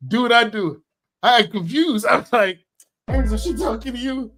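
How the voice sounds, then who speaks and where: A man hosting a podcast in casual chat, animated and laughing, swinging between loud outbursts and quiet asides. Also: very high voice, moderate pace, music in the background. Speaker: podcast host.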